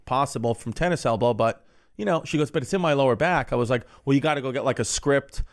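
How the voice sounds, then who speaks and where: A man's voice: mid-range voice, fast talker. A man on a podcast telling a long, crude personal story in casual chat, quoting everyone with 'he goes' and swearing bluntly.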